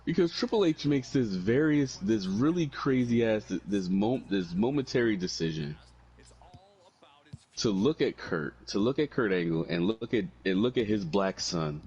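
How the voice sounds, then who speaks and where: A man's voice: on the low side, moderate pace, breathy edge, muffled recording. A man co-hosting a casual wrestling review podcast, telling stories with profane slang and frequent laughter. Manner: animated storytelling, profane slang, laughs often. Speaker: podcast co-host.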